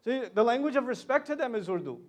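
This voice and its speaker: A man with a fairly high voice gives a passionate talk as a panel speaker. He is animated and emphatic, and he drops in joking asides. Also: fast.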